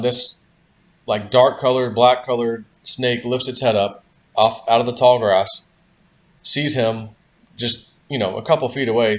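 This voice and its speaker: A man hosting a vlog, telling a story in a casual, rambling way, full of "you know" and "like". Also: medium pitch. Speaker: vlog host.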